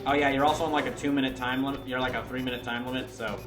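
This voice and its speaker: A man's voice: medium pitch, steady tone, racing, echoey room, over music. A British man streaming a game, talking in a chatty, rambling way with many restarts. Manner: rambling, self-correcting, chatty. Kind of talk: casual gameplay commentary.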